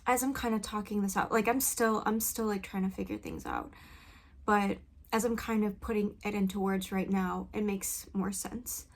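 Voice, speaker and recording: Very animated yet moderate in pace, this woman's medium-pitched voice carries a reflective personal vlog in which she hesitates and hunts for words. She's a musician and creator using a studio condenser mic with a pop filter in a home vocal booth.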